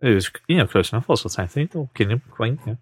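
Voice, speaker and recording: A man's voice: medium pitch, quick pace, a little hiss or hum. A man hosting a podcast, chatting casually and joking with his co-hosts. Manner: playful, jokey, lively delivery. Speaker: podcast host. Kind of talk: casual chat.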